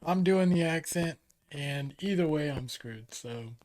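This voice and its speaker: A man's voice: on the high side, expressive, measured pace, darkish tone. Rambling, joking male podcast host. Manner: rambling, joking, full of "you know". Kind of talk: casual chat.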